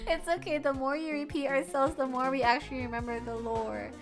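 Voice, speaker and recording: A young adult woman streamer chatting casually with her viewers, loud and animated, often yelling and laughing, with a sore throat. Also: sits high, moderate pace, music in the background. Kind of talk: casual live-stream chat.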